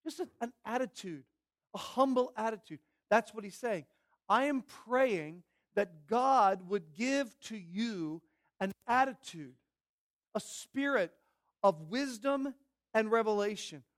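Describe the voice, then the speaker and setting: Man, pastor, sermon, high-pitched, emphatic, repeats key phrases, asks questions. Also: expressive, slow pace. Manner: emphatic preaching with repetition and questions.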